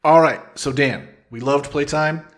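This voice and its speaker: A man's voice: a little high, measured pace. A man co-hosting a film podcast who speaks in an upbeat way and wraps up the show. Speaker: podcast co-host. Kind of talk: casual film podcast chat.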